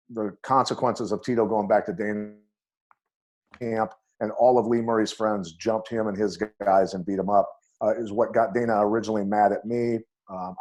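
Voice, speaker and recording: A middle-aged man, a former fight coach, telling anecdotes bluntly and with animation as a podcast guest. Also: fairly low pitch. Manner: blunt and animated, acts out voices in his anecdotes. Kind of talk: storytelling on a podcast interview.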